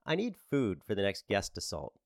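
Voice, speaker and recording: A man's voice: lowish voice, wildly swooping pitch, normal speed, gravelly, no room sound, studio quality, full character voice. A man voicing a blunt, foul-mouthed woman running a bed and breakfast, in an audiobook. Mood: brash. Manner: blunt and swearing.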